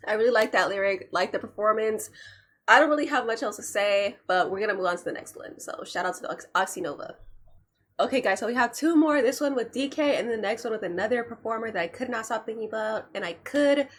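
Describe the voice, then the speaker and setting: A woman's voice: on the high side, animated, fast talker. A woman hosting a reaction video, chatting casually and checking her notes, with frequent restarts. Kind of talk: casual commentary.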